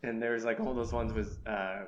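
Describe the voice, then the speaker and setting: A man's voice: lowish voice, fairly even intonation, moderate pace, lo-fi sound, a little hiss or hum. A young man, co-hosting a podcast in casual chat, reminiscing with lots of fillers. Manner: laughs, reminiscing, filler-heavy. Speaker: podcast co-host.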